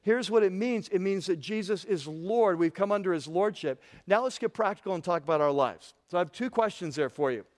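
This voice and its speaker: A man preaching a sermon as pastor, asking his listeners pointed questions and building to impassioned, loud stretches. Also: high voice, animated, brisk, few pauses. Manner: impassioned, repeats questions, grows loud and intense.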